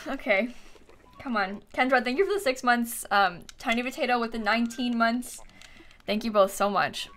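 A woman's voice: fairly high pitch, lively intonation, a little slow, a bit bright, soft background music. A young woman chatting casually on a live stream, thanking viewers with frequent fillers and laughs.

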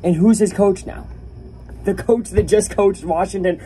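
A man talks straight to his viewers in an animated, opinionated sports rant. His tone is mellow and dark. A faint hiss sits behind the recording. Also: high voice, moderate pace. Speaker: YouTuber. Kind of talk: casual sports rant to camera.

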